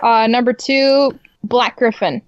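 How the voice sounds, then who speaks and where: A woman's voice: fairly high pitch, fairly even intonation, takes it slowly, no room sound, dull audio. A woman chatting casually as a guest, laughing often and trailing off with fillers. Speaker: podcast guest. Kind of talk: casual chat.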